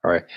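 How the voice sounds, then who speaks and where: A man's voice: medium pitch, gravelly, darkish tone, husky, low-quality recording. A man speaking as an occultist, answering viewer questions in a casual live Q&A, blunt and profane, with scoffing laughs.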